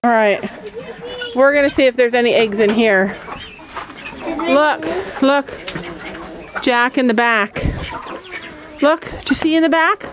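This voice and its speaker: Older woman, family vlog host, high-pitched and chatty, laughs a lot, noisy handheld camera audio. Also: takes it slowly, pauses often. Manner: chatty, laughs often, coaxes children gently. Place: family farm, indoors and by the chicken coop.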